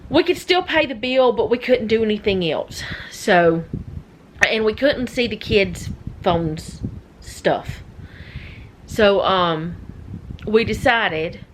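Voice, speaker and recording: A woman's voice: mid-range voice, slight background noise, poor audio. A middle-aged woman chatting casually as a vlogger, rambling and easily sidetracked. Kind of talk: casual chat.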